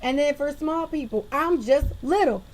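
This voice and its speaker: A woman venting to her viewers in a casual monologue into a webcam, animated and exasperated. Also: high voice, moderate pace, rough recording. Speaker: vlogger.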